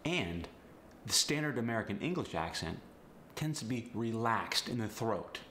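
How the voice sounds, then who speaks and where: A man's voice: lowish voice, expressive, moderate pace, fairly bright tone, slight background noise. A man coaching accents in an upbeat, teasing teaching manner. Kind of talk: instructional video. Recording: roomy echo.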